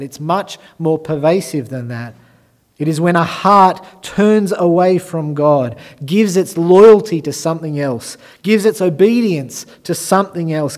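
A man preaching a sermon, moving from hushed lines to loud, emphatic ones. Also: on the high side. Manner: swings from quiet to loud and emphatic.

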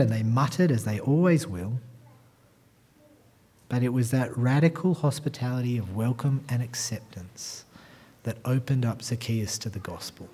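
A man preaching a sermon as pastor, talking straight to his congregation and swinging from quiet asides to loud, emphatic passages. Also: medium pitch, a little hiss or hum. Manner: addresses the congregation directly with rhetorical questions.

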